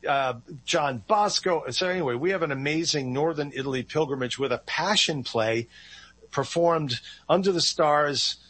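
A man's voice: on the high side, normal speed, a bit bright, breathy edge, poor audio. A man co-hosting a radio talk show, explaining answers to callers in a reassuring way.

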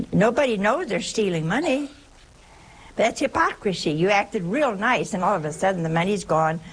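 A woman's voice: on the low side, breathy edge, rough recording. A woman giving a sermon from an Italian-American family background, mixing moral teaching with humorous family stories and rhetorical questions. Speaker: religious teacher giving a talk.

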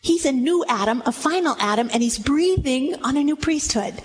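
High-voiced woman in her sixties teaching scripture. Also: expressive, normal speed. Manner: emphatic, reads scripture aloud dramatically; addresses the audience directly with questions. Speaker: religious teacher. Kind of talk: Bible teaching talk.

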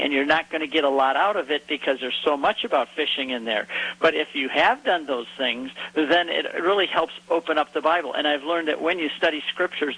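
Guy telling an animated story on a radio show, bright husky voice. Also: a little high, rough recording. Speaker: guest. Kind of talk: storytelling conversation.

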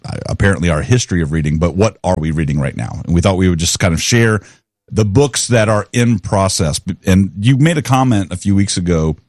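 Low-voiced rambling man in casual chat. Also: a little fast, darkish tone, no echo, studio quality. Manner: rambling, many restarts. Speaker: podcast co-host.

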